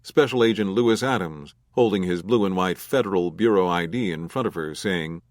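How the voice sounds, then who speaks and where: A man reading a crime novel audiobook as narrator, in a measured, even storytelling manner. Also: low voice, no echo, clean studio sound. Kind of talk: scripted narration.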